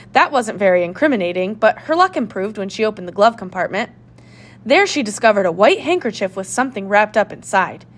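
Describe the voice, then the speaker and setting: Lively woman reading a children's mystery. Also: mid-range voice. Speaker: narrator. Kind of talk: audiobook narration.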